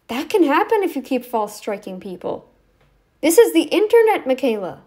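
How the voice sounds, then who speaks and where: Woman vlogger, slightly high voice, rambling sarcastic scolding rant to camera. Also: big pitch swings, moderate pace, warm tone. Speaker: YouTube commentator. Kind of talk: ranting direct-to-camera commentary.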